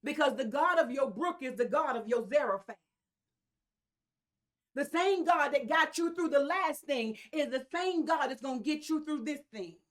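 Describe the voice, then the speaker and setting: A woman's voice: high-pitched, expressive, normal speed. A woman preaching a sermon, emphatic and repetitive, with asides to her congregation.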